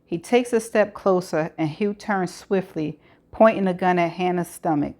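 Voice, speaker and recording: A woman reading a thriller novel aloud in steady narration with occasional stumbles and restarts. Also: lowish voice, normal speed. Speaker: audiobook reader.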